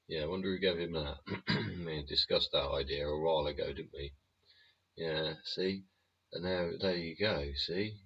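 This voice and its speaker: A man's voice: rumbling low, unhurried, long pauses, slightly rough. A man hosting his show in a sweary, rambling rant full of tag questions and chuckles. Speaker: show host. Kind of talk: casual ranting monologue. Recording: dull lo-fi recording.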